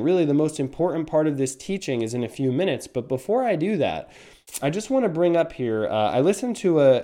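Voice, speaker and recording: A man's voice: a little high, dark tone. A man preaching a sermon in an earnest, emphatic way, often restarting his phrases.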